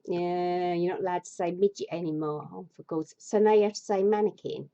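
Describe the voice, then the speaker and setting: Woman moaning her way through a fairy tale, sweary, mellow voice, muffled lo-fi sound. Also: on the low side, steady tone, brisk. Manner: exasperated, grumbling, sweary. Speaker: storyteller. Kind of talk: comic fairy tale reading with rambling asides.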